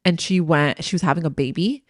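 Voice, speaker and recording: A woman's voice: sits low, brisk, no echo. Casting: woman podcast co-host, chatty storyteller, close dry mic. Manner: animated storyteller, acts out quoted people. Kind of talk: casual chat.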